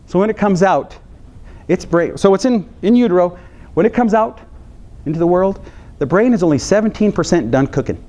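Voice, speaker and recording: Male psychologist, lecture delivery, voice on the higher side, emphatic and repetitive. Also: fairly quick. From United States. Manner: animated, repeats phrases for emphasis, jokes with the audience. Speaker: health psychologist giving a training talk. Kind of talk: conference lecture to counselors.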